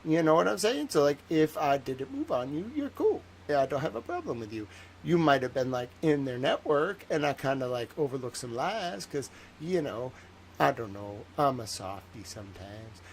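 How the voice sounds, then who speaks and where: A man's voice: mid-range voice, normal speed, vocal fry, a little hiss or hum, poor audio. A man, hosting a rambling livestream monologue with boastful, joking bursts. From Massachusetts. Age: 30s. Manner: animated, swings from muttering to excited bursts. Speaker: livestream host.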